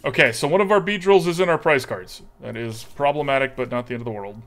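A man's voice: mid-range voice, fast talker, a bit bright. A man streaming a card game, chatting to viewers and thinking aloud through his moves in an exaggerated put-on accent. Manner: chatty, talks to chat and to himself while planning moves. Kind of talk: live card-game play commentary.

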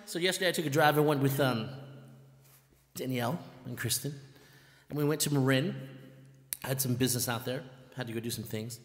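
A man hosting a live music stream, chatting casually and telling stories in an animated, excitable way, full of "I'm like" and the odd curse. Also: medium pitch, brisk, long pauses. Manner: animated, excitable storyteller who keeps saying "I'm like" and curses at times. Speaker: live music show host and band member. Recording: echoey room with long reverb.

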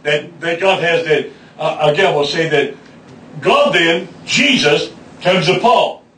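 A man preaching with fervor in a church. His voice sits high and is heard from a distance in a roomy, echoing sanctuary, and he builds often to shouts. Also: takes it slowly, slight background noise. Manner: emphatic, rising to shouts, acting out quoted voices. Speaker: pastor. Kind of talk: preaching a sermon with congregation responses. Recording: echoey church from far off.

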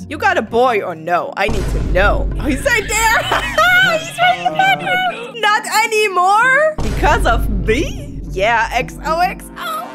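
A woman hosting a gaming video, commentating excitedly with gasps and playful slang. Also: very high-pitched, unhurried, few pauses. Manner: animated, gasping, joking slang. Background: background music.

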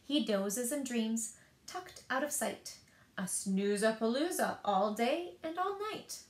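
A woman librarian reading children's picture books aloud in a rhythmic, expressive way. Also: fairly high pitch, slow. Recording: echoey room.

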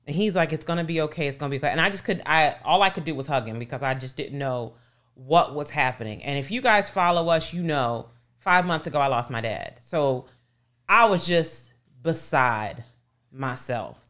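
A woman's voice: sits low, animated, normal speed, fairly bright tone. A middle-aged woman co-hosting a podcast, animatedly retelling a story and acting out the voices of people in it. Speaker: podcast co-host. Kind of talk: casual storytelling chat.

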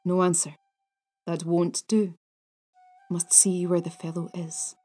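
A woman voicing a grim, deep-voiced ghostly male warrior who speaks in a gruff, low mutter. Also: level tone, takes it slowly, mellow, soft background music. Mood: grim menace.

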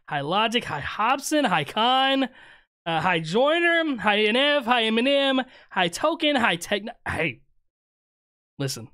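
A man's voice: high-pitched, pushed and bright, clear, resonant tone. A man streaming live, reacting to listeners' music in laid-back, joking, slangy chat.

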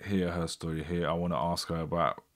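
A man's voice: deep voice, flat delivery, brisk, a bit bright. Casual man hosting a live stream. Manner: chatty, frustrated with tech glitches. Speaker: host.

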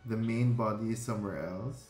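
A man giving live reaction commentary on an anime, excitable and swearing freely as he exclaims at the screen. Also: on the low side, normal speed. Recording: echoey room with faint music.

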